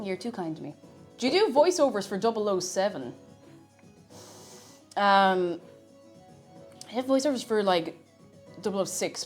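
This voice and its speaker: A woman's voice: mid-range voice, darkish tone. A woman with an Irish accent chatting casually on a live stream while cooking, reading chat aloud and laughing often. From Ireland.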